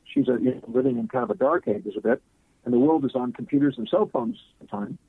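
A man, a guest on a talk program, telling a lively anecdote and acting out the quoted lines. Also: medium pitch, fast talker. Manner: animated anecdotal storyteller, acts out quotes. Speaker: guest speaker. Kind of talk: storytelling in an interview. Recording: husky voice on a tinny phone-like line.

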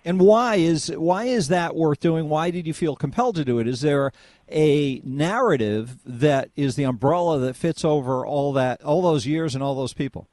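A talk radio host, a man, leads an interview on air with a somewhat high, lively pitch. He meanders through his thoughts with restarts and fillers. The studio sound is dry and close. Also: normal speed, no room sound. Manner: rambling, many fillers and restarts.

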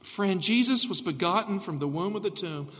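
A man preaching a radio sermon, reading scripture slowly and with emphasis. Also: sits high, animated, a bit bright, in a large hall. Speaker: pastor.

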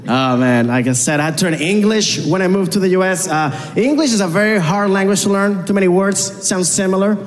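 A man's voice: high voice, brisk, hardly any pauses. A man from Venezuela with a Venezuelan Spanish accent, doing a punchy stand-up set to a live crowd. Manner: punchy, repetitive joke delivery to a crowd. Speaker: stand-up comedian. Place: comedy club stage. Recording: reverberant hall with audience noise. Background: live audience.

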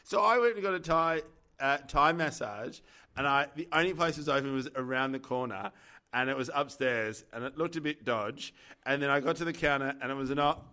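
A man's voice: medium pitch, brisk. A man, co-hosting a casual podcast and telling a funny story with lots of laughter. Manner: animated, laughs a lot while telling a story. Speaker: podcast co-host.

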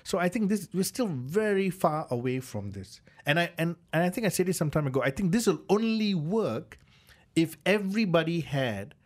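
An animated man with a voice on the high side chats at normal speed as a regular radio car show co-presenter. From the studio he rambles loosely through his opinions, leaning on "you know" as a filler.

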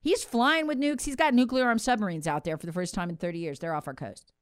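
A woman's voice: mid-range voice, steady tone, quick pace, no room sound, clean studio sound. A woman delivering an emphatic, sarcastic political commentary monologue as host. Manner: emphatic, sarcastic, acts out quoted voices.

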